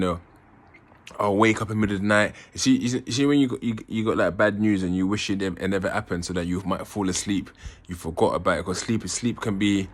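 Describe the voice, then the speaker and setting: A man telling an emotional personal story as an interview guest, halting and often repeating words as he restarts. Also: deep voice, a bit bright.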